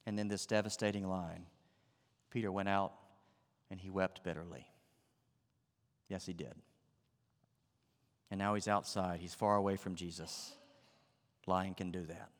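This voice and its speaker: Pastor, man; dramatic sermon delivery, low-pitched, recorded in a reverberant sanctuary. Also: steady tone, moderate pace, long pauses. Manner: dramatic, acts out the voices of the story.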